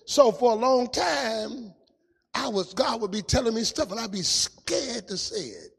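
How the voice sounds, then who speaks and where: A man preaching a testimony sermon in a sing-song style, dropping to a hush and rising to shouts. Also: very high-pitched, very animated, measured pace, creaky, long reverb tail, slight background noise.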